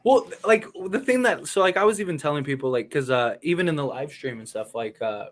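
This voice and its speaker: A man's voice: a little high, lively intonation, a little fast. A man chatting casually on a podcast, rambling with lots of fillers and restarts. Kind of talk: casual chat.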